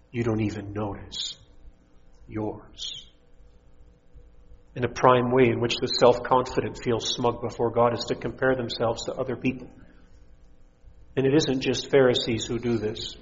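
A man's voice: medium pitch, in a large hall. A middle-aged man, a pastor, preaching a sermon with rising intensity and mocking voices. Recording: dull lo-fi recording.

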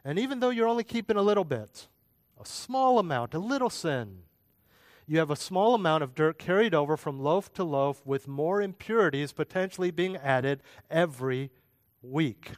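Conversational preacher with a dry sound. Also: male voice, fairly high pitch, expressive, normal speed, no room sound. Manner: conversational, asks listeners rhetorical questions. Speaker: pastor. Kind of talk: sermon.

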